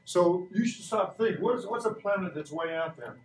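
Man, 60s, playful classroom science teacher; slightly high voice, roomy distant classroom sound. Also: animated, brisk, slight background noise. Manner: playful, joking, asks kids questions. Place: school classroom. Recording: echoey classroom recorded from a distance.

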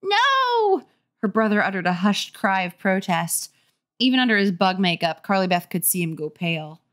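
A woman's voice: lowish voice, brisk. A woman reading a children's horror book aloud while a bit tipsy, dropping in wry joking asides. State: tipsy from drinking.

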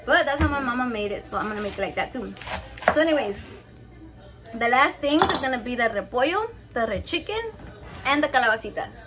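High-voiced, foul-mouthed woman cooking. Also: lively intonation, a little fast, over music. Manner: swears freely, mixes Spanish and English, jokey and candid. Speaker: cooking vlogger. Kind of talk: casual cooking tutorial. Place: home kitchen.

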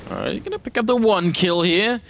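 Man, esports play-by-play caster, bright voice, relaxed delivery, light background hiss. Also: sits high, vocal fry. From Denmark. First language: Danish. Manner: relaxed, chatty, quick. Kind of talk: play-by-play commentary.

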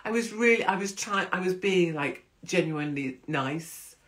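A woman's voice: fairly low pitch, lively intonation, normal speed. A woman hosting a casual livestream, chatty and rambling, swearing freely. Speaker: host.

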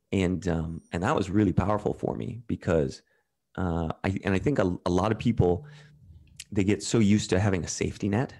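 Speaking with a deep, steady and warm voice at normal speed, this Canadian podcast guest shares casual stories. He's candid and swears freely, mimicking other people's voices when he recounts what they told him.

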